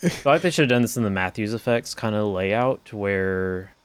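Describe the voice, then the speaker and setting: A man's voice: fairly low pitch, expressive, moderate pace, clear, resonant tone, dry recording. A man co-hosting a casual gear podcast, laid-back and easygoing, giving short replies. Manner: laid-back, brief replies, chuckles often. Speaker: podcast co-host. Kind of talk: casual chat about guitar gear.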